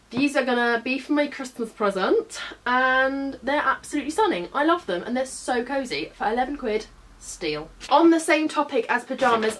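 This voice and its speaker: Chatty young British woman, slightly high. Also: fairly bright tone. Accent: British English. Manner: chatty and gushing, full of "like" and "um". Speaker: beauty vlogger. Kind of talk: casual try-on haul chat.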